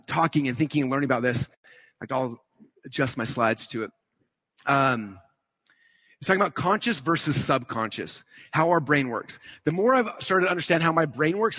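Man, fast keynote talk, slightly husky voice, dry close sound, frequent check-ins. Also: on the high side, dry recording. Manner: fast, animated teaching talk with frequent "okay?" and "right?". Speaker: speaker at a conference.

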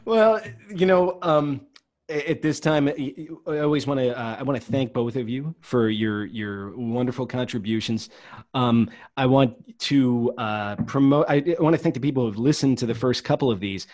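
A man's voice: medium pitch, a little mellow. A man hosting a podcast, talking casually with many fillers and restarts as he tells a story and wraps up the show. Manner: halting, many fillers and restarts, thanks guests and listeners. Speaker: podcast host. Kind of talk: casual chat.

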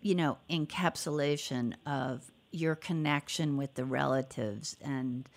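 Woman interviewer, low-pitched, slow-paced, encouraging with steady affirmations. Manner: encouraging, frequent affirming murmurs. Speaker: podcast host, interviewer. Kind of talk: casual interview conversation.

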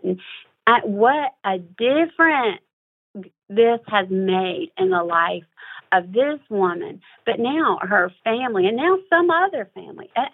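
A woman's voice: mid-range voice, vocal fry. Earnest woman on a tinny phone line. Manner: earnest, emotional, halting with fillers. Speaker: pregnancy center director. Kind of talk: recounting a story in an interview.

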